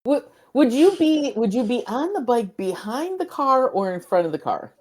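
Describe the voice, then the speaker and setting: A woman's voice: a little high, sing-song, normal speed, a little mellow. A woman in casual podcast chat who asks wry questions and jokes along.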